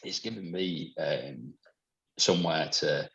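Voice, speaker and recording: A man chatting as a guest on a podcast, rambling and swearing freely, quick to laugh. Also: rumbling low, gravelly, bright, forceful tone. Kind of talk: casual podcast chat. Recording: dull lo-fi sound.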